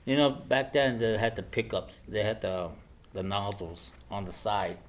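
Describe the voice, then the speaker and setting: Older man telling stories, halting. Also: lowish voice. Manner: hesitant, many fillers and restarts. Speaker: guest speaker. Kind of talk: personal storytelling to a class. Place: classroom.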